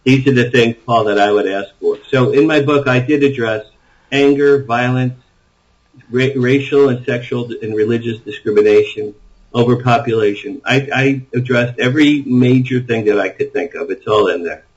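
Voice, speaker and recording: In an interview conversation, a male author guest talks eagerly and at length, a rambling, enthusiastic storyteller who often restarts his sentences. His mid-range voice moves at normal speed, and the recording sounds muffled.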